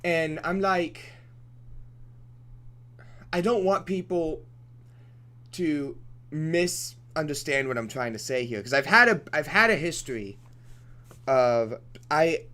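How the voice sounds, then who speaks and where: A young man on his game stream breaks into a heated, profanity-laced rant, tripping over his own phrasing and laughing it off. His voice sits a little high and leaps around in pitch as he gets worked up. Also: animated, slow pace, long pauses, sharp tone. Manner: impassioned, profane, rambling with restarts and laughs. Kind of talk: off-topic rant during a let's play.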